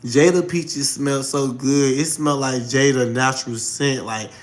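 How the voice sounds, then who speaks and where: A young man streaming live, telling a story in an animated way and calling out to his audience, with laughs and exclamations. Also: medium pitch, measured pace. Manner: excitable, keeps calling out to the audience.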